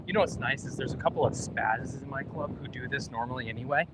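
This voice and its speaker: A man's voice: medium pitch, fast, very noisy. A man playing golf on a livestream, talking through his shots in a matter-of-fact, dry way, with casual swearing. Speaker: golfer on a livestream. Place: outdoors on a golf course.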